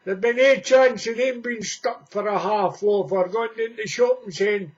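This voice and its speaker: A man's voice: sits high, moderate pace, few pauses. A Scottish man in his sixties chatting to camera in a casual vlog, joking and laughing at his own jokes. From Scotland. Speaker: vlogger. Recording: dull lo-fi home recording.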